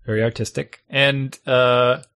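A middle-aged man at an ordinary, middling pitch rambles through casual talk about coaching a youth team. He talks in an animated way and slips into the voices of the people he quotes. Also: unhurried, smooth. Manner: rambling, animated, acts out other people's remarks. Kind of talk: casual conversation.

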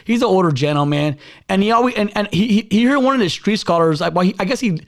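A man's voice: high-pitched, animated, fast talker. A man hosting a podcast, telling a story in rambling casual chat and filling it with "like" and "bro". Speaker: podcast host.

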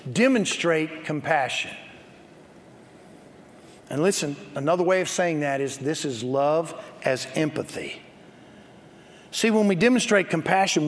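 A male pastor preaching a sermon, building to shouts and calling on the congregation to respond. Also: fairly high pitch, big-room sound.

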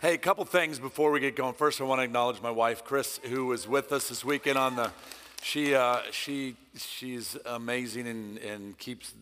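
A middle-aged man from Southern California, a guest pastor preaching a sermon in a loud, intense, passionate way. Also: mid-range voice, fairly even intonation, moderate pace, slight background noise. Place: church hall. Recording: long church hall reverb.

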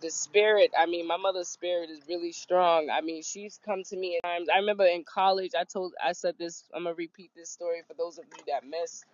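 A woman hosting a podcast, telling a personal story in a frank, animated way and acting out the people in it. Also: lowish voice, brisk, few pauses. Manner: animated, acts out quoted voices, frank. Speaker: podcast host. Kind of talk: casual storytelling chat. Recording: muffled lo-fi recording.

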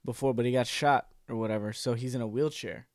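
A man's voice: mid-range voice, no echo, studio quality. A man in casual chat, animatedly retelling film scenes and acting out quotes. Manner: animated, quick to act out quotes and laugh.

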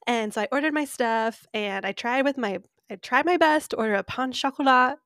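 A woman's voice: fairly high pitch, fairly quick, fairly bright tone, no echo, studio quality. A young American woman co-hosting a podcast, telling an anecdote casually with frequent giggles. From United States. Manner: giggly storytelling. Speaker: podcast co-host. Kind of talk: casual chat.

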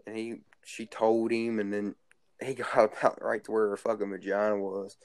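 A man's voice: on the low side, flat delivery, moderate pace, a little mellow, no echo, studio quality. A teenage boy telling rambling stories in casual chat, crude and swearing constantly. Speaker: guest storyteller.

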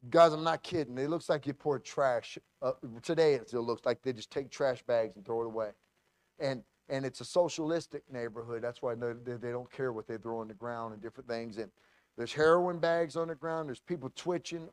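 A man pastor telling a story in a sermon, animated and full of restarts and acted-out quotes. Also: medium pitch, brisk, dry recording.

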